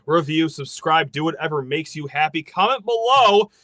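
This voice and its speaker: A man's voice: fairly high pitch, animated, moderate pace, bright, forceful tone, dry recording. A man hosting a sports podcast, ranting sarcastically with lots of energy after a loss. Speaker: podcast host.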